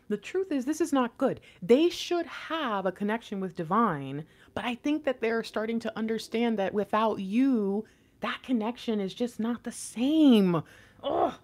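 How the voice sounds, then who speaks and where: A woman's voice: fairly high pitch, darkish tone. A woman giving a casual tarot reading to camera, chatty and rambling, giggling often and swearing casually. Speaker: tarot reader.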